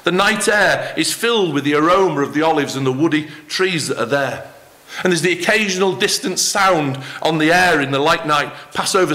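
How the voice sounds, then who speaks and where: A man preaching a sermon in church, acting out the quoted lines with lively emphasis. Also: mid-range voice. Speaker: pastor.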